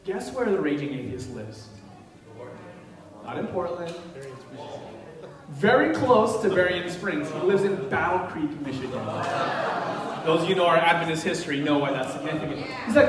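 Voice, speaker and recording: A man's voice: fairly high pitch, moderate pace, pauses often, over a noisy crowd. A man preaching a sermon in a church, telling stories and acting out the people in them. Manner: animated, playacts the people in his stories. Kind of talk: sermon with storytelling. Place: church hall. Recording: echoey hall, from far off.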